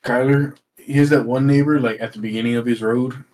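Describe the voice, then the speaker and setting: A man's voice: medium pitch, fairly even intonation, brisk, a little mellow, low-quality recording. A man hosting a podcast, chatting casually and swearing freely. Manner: laughs easily, swears casually. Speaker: podcast host. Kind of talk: casual chat among friends.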